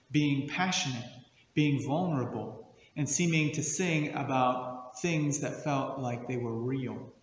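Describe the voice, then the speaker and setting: A man's voice: on the high side, a little hiss or hum. Earnest man preaching in an echoey hall. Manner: earnest, reflective. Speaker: guest speaker, missionary. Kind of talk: sermon. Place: church service recording. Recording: echoey hall with long reverb.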